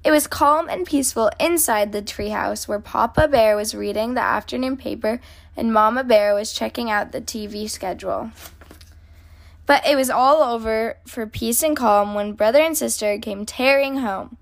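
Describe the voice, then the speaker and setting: A woman reads a children's picture book aloud in a gentle, clear storytelling manner. Her voice sits a little higher than most. She paces the story steadily for young listeners. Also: normal speed. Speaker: host, storybook reader.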